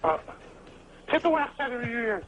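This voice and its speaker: A man on a phone call putting on a gruff voice to play a threatening tough-guy businessman who trades insults. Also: very high-pitched, very animated, normal speed, a bit bright, a little hiss or hum, voice pushed up, full character voice. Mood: mocking. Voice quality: gruff put-on voice. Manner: insulting, trash-talking. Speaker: caller. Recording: dull phone line.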